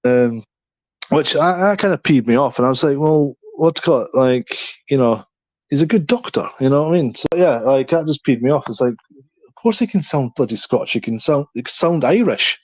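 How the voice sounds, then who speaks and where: A man co-hosting a casual podcast, talking in long rambling runs full of restarts and filler. His voice sits at an average pitch. The sound is dry and a little dull. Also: animated, a little fast, a little mellow, dry recording. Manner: rambling, many restarts and "you know what I mean". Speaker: podcast co-host. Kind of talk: casual chat.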